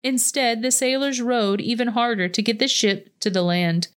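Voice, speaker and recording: Smooth-voiced woman reading scripture. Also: fairly high pitch, fairly even intonation, moderate pace. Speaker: scripture reader.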